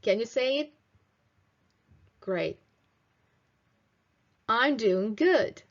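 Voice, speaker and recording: A young woman giving an English video lesson, modelling phrases slowly and clearly for her students. Her voice sits fairly high. The recording sounds dull and lo-fi. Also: lively intonation. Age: 20s. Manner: slow, clear teaching delivery with drilled example phrases. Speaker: English teacher.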